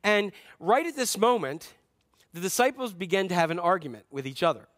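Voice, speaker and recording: High-voiced pastor, animated sermon. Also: male voice, fairly quick, dry recording, clean studio sound. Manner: animated storytelling, acting out scenes with playful humor.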